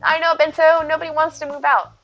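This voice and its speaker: A woman streams a game, chatting casually, thinking out loud, and responding to chat as she plays. Her high voice is a bit bright, with flat delivery and a slightly fast pace. The recording is slightly muffled, with faint game music underneath.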